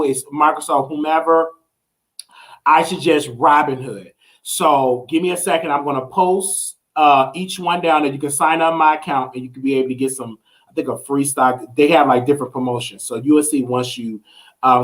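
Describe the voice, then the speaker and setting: A man hosting a livestream talk show, swinging from preachy, excited exclamations and scatting sounds to relaxed explaining. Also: fairly high pitch. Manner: relaxed explaining when giving money tips. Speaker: show host.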